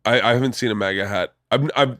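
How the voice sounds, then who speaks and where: A man's voice: fairly low pitch, fast, bright, forceful tone, dry recording, studio quality. A man hosting a podcast, agreeable and laid-back, telling anecdotes in casual chat. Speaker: podcast host.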